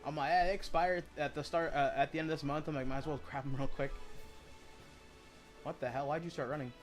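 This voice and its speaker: A man's voice: a little high, steady tone, fairly quick, faint music behind. A man chatting casually while he streams a video game, rambling and swearing as he retells stories.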